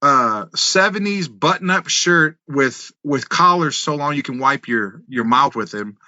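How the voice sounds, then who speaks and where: Man in his fifties telling animated stories. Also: medium pitch, unhurried, dry recording. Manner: animated storyteller, acts out voices, laughs, swears. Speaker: podcast guest, wrestler and musician. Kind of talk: casual storytelling. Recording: dull, slightly lo-fi, dry.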